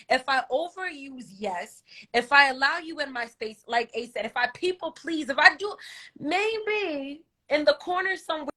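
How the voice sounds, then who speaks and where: A woman who describes herself as a healer speaks in a high, slightly bright voice during a candid podcast conversation. She tells an emotional story vividly, acting out her own inner dialogue.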